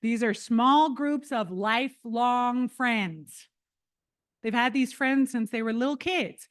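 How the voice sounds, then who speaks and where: Woman giving a talk to a room, lively, keeps asking "right?", dry close sound. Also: on the high side, no echo. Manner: lively, talks straight to the room with frequent tag questions. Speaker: presenter. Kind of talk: lecture to a live audience.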